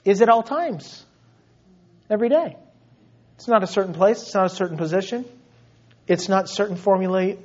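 A man's voice: high-pitched, muffled recording. A man preaching a sermon, acting out mock voices of complaining believers between points. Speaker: pastor.

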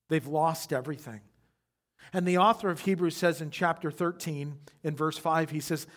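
A man preaching a sermon who speaks straight to his congregation with questions and rises from quiet reflection to loud emphasis. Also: fairly high pitch. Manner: addresses the congregation directly with questions. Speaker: pastor.

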